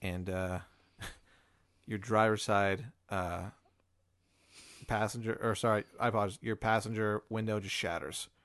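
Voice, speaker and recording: A man hosting, spinning a deadpan improvised hypothetical in a laid-back way. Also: on the low side, unhurried, pauses often, dry recording, clean studio sound. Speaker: host.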